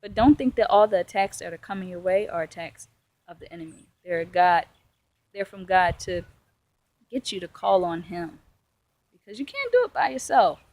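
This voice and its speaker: A woman's voice: mid-range voice, sing-song, moderate pace, darkish tone. A woman giving an earnest, encouraging devotional sermon in a conversational way, acting out everyday prayers and complaints. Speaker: preacher.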